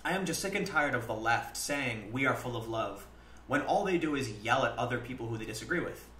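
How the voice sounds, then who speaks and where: A man's voice: mid-range voice, expressive, fast talker, bright, forceful tone. A man hosting a livestream, talking earnestly in casual commentary and acting out back-and-forth exchanges. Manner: earnest, conversational, acts out quoted exchanges. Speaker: livestream host. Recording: roomy echo with faint background noise.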